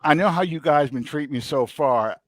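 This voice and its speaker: A man hosting a podcast, telling a story in a casual, animated way and laughing often as he goes. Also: on the high side, fairly quick, dry recording. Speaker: podcast host.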